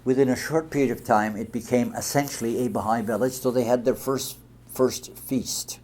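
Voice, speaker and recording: A man giving a religious talk to an audience, speaking emphatically, with big swings in loudness. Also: mid-range voice, fairly even intonation, moderate pace, slight background noise.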